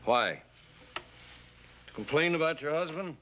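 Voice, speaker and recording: An actor playing a possessive, bitter husband who speaks softly and needles his wife in a 1960s television western. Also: fairly high pitch, lively intonation, slow, highs cut off, slight background noise. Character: clinging, suspicious, bitter husband.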